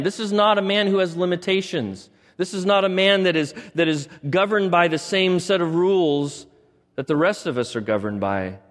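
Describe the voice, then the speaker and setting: A man preaching a sermon, retelling a story with animated delivery and acting out quoted lines. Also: high voice, long reverb tail. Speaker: pastor.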